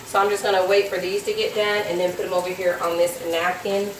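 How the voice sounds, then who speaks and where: A young woman casually narrating her cooking for viewers, chatty and relaxed, calling them y'all. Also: on the low side, brisk, few pauses, a little hiss or hum. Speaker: cooking vlogger. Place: home kitchen. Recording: echoey kitchen, far from the mic, sizzling pan.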